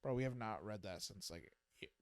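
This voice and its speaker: A man co-hosting a casual podcast chat about web novels, excitable and jumping up in pitch when he gets hyped. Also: a little fast. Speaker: podcast co-host.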